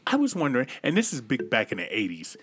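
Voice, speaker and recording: A man in casual podcast banter, profane and loud, slipping into quoted voices while telling stories. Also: medium pitch, huge pitch swings, fast talker, a little hiss or hum. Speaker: podcast co-host.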